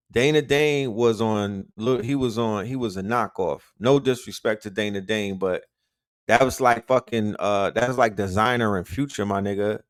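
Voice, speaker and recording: Middle-aged new guy from harlem, lowish voice, dry close sound, slangy and emphatic, repeats stuff to hammer it home. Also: dry recording. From Harlem, New York. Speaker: podcast host. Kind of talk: casual chat about hip hop history.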